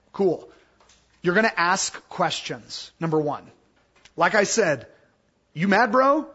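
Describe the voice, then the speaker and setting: A high-voiced, husky man teaches scripture to a class in a casual, animated way, acting out the voices he quotes. The recording sounds dull and lo-fi. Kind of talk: Bible teaching.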